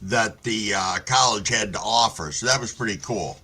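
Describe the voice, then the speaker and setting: A man's voice: on the low side, moderate pace, sharp tone, breathy edge. A man hosting a casual live stream, telling stories in a laid-back way with lots of swearing and greeting viewers by name. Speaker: livestream host reading chat.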